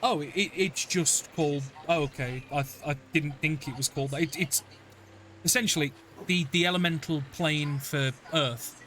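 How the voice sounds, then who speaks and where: A man's voice: a little high, normal speed, bright, forceful tone. A man narrating as dungeon master in a tabletop game, rambling with many fillers and restarts. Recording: faint background noise.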